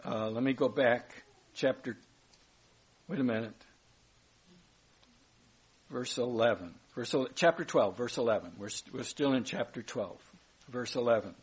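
Husky-voiced man teaching the Bible. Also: medium pitch, unhurried, pauses often. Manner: informal, chatty, corrects himself aloud.

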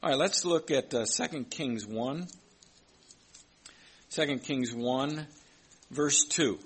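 Man, preacher, husky voice, reads scripture and comments, sermon. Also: medium pitch, takes it slowly, fairly bright tone, rough recording. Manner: reads scripture aloud and comments, with hesitant restarts. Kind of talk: sermon with Bible reading.

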